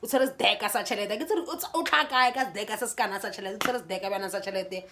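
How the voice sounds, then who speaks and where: A South African woman sits down for a storytime vlog, recounting events in a lively, conversational way. She often restarts her sentences and keeps the tale moving. Her voice sits at a medium pitch. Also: very fast, background noise. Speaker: YouTuber.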